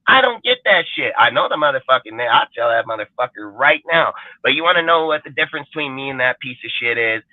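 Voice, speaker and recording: A man's voice: mid-range voice, animated, fast talker, few pauses, no room sound. Heated profane man on a thin line. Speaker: fan show host. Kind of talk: livestream rant. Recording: dry phone-like audio.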